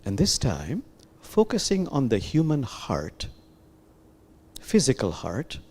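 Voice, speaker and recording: A man leading a slow, soft, prayerful guided heart meditation during a worship service, pausing often. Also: medium pitch, wildly swooping pitch. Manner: slow, soft, prayerful guidance with long pauses.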